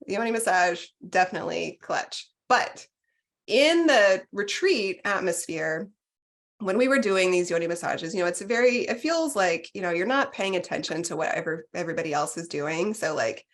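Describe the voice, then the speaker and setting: A woman's voice: on the low side, lively intonation, normal speed, fairly bright tone. A woman in her forties, a podcast guest, telling a candid personal story in an effusive, chatty way. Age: 40s. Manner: chatty and effusive, heavy on "like" and "you guys". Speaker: retreat participant, podcast guest.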